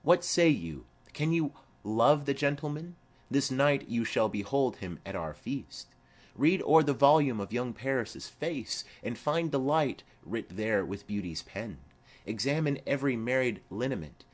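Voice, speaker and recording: A man's voice: medium pitch, lively intonation, measured pace. A man reading a stately noble mother. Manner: formal, persuasive. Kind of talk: audiobook play reading.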